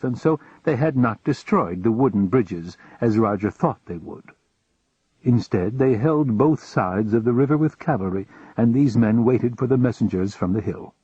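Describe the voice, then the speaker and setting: Husky male audiobook narrator. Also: medium pitch, no room sound. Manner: calm, measured storytelling. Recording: dull lo-fi home recording.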